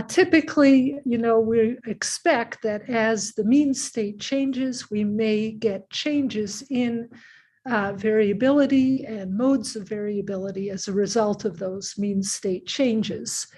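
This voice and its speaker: A hoarse middle-aged woman giving a scientific seminar talk over a video call, measured and pausing often with fillers. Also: mid-range voice, a little mellow. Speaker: invited seminar speaker, climate scientist.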